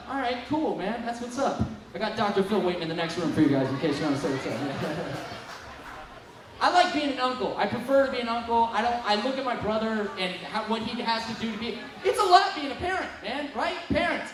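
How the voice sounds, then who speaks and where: A man in his twenties doing a profane, rambling stand-up set with loud bursts of yelling, working the crowd at a bar. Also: high voice. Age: 20s. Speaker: stand-up comedian. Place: bar stage with a live crowd. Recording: far-off echoey bar recording with noise.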